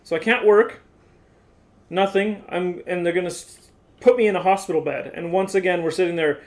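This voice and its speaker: Young man, high voice, animated exasperated storyteller, casual vlog chat. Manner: animated, exasperated retelling with many "like"s. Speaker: vlogger telling his story.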